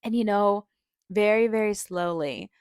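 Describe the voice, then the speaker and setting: A young woman talks through a personal story on her podcast in an open, emotional way, often breaking into a light laugh. Her speech is loose and chatty, with lots of "like" and "um". Her voice sits at an ordinary pitch for a woman and sounds close and dry. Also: unhurried, darkish tone, clear, resonant tone, dry recording. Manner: chatty, with many "like" and "um" fillers and frequent small laughs; earnest and openly emotional. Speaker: podcast host.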